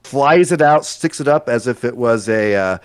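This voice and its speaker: A man's voice: mid-range voice, animated, normal speed, clean tone, no room sound. A man narrating a tabletop game as game master, rambling with many fillers. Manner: rambling, filler-heavy, laughs often.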